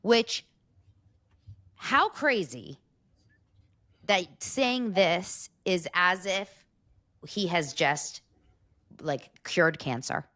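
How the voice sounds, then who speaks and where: A woman co-hosting a podcast in casual chat, animated and mimicking crowd screams as she tells stories. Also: lowish voice, very slow, pauses often, no echo, studio quality. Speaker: podcast co-host.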